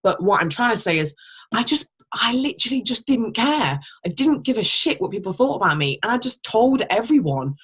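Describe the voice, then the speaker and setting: A woman's voice: fairly high pitch, big pitch swings, brisk, breathy edge. A young woman leading a team call, talking bluntly, swearing casually and rambling as she pushes her team. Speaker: team leader. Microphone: call microphone.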